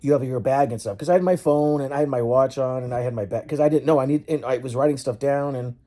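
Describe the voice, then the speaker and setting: A man's voice: mid-range voice, quick pace, mellow. A man vlogging, telling a long, frustrated story in a rambling, casual way full of "like"s. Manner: rambling, frustrated, filler-heavy with many "like"s.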